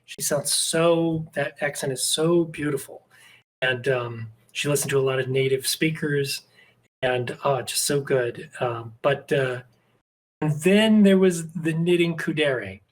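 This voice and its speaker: A man's voice: fairly high pitch, poor audio. A man talking as a podcast guest in a casual, rambling chat with many restarts and fillers. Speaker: podcast guest, script writer.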